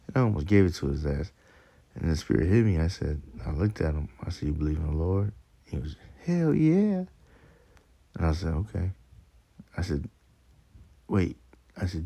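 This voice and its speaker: Low, gravelly man, profane street preacher, dry sound. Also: dark tone, dry recording. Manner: profane, emphatic, laughs at his own stories. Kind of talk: casual preaching monologue.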